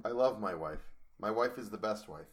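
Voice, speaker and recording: Man, narrator between takes; exasperated, cursing, pitch swings widely. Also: expressive, normal speed. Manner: exasperated, swearing at his own flubs. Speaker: audiobook co-narrator. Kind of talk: reading aloud and bantering between takes. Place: home recording studio.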